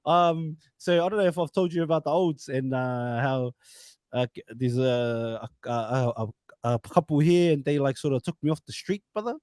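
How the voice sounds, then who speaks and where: A man's voice: medium pitch, normal speed, clean tone, no room sound. Kiwi guy on a podcast, laid back, laughs a lot, dry sound. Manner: relaxed, laughs a lot, mixes in Māori words. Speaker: podcast co-host. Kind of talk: casual chat.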